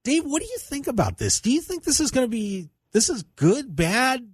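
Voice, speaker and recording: A man's voice: moderate pace, slightly rough, no echo, clean studio sound. A man hosting a wrestling radio show, chatting casually and teasing his co-host. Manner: animated, teasing, jumps high in pitch when reacting.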